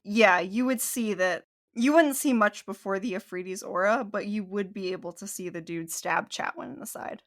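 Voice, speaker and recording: A woman runs a tabletop game as its game master. She talks in an easygoing, relaxed way, giving rulings and narrating the action at a middling pitch. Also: moderate pace.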